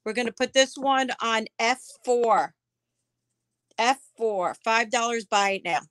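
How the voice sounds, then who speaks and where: Woman, live-stream auction seller, unhurried chatty delivery, slightly high voice. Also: steady tone, a bit bright, clean tone, dry recording. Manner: chatty, answers viewer comments by name; describes items aloud as she handles them. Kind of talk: casual live-stream selling.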